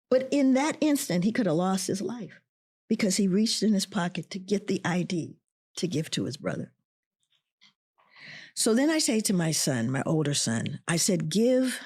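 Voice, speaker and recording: A middle-aged woman, an interview guest, telling a personal story in an animated way and voicing the people in it. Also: mid-range voice, breathy edge.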